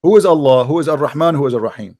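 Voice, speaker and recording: A man hosts a heated debate, hammering the same question again and again. His voice sits a little high for a man. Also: mellow. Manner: insistent, rapid repeated questions. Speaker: debate host. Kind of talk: live call-in debate.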